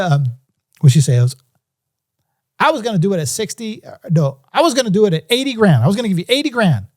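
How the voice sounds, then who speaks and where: A man's voice: sits high, sing-song, fast talker, a little mellow. A middle-aged man and music producer telling a story in an interview, acting out phone calls in different voices.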